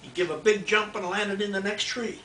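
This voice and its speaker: An older man tells a bedtime story to a grandchild in a folksy, repeating rhythm, his voice fairly high. He sits far from the mic in an echoey room. Faint noise runs behind him. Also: moderate pace, bright, forceful tone.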